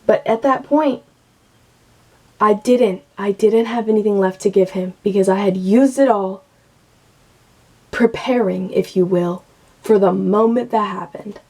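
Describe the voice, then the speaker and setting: A woman's voice: medium pitch, a little slow, long pauses, darkish tone. A young woman in her late teens, venting candidly and emotionally to camera and swearing freely. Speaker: vlogger.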